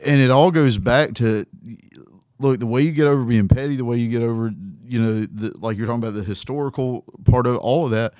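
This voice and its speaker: A man's voice: medium pitch, fairly even intonation, a little fast, darkish tone, no echo, clean studio sound. A man co-hosting a casual faith discussion, talking earnestly and conversationally.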